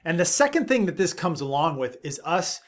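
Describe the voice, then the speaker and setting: Man, thirties, parenting host; earnest and emphatic, a touch higher voice, low asides. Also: very animated, a little fast. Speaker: parenting video host, father of seven. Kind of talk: direct-to-camera advice talk.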